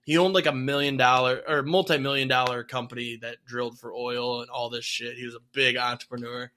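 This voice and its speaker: A young man co-hosting a podcast, chatting casually with animated, swearing storytelling. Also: mid-range voice, fairly quick. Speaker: podcast co-host. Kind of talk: casual chat.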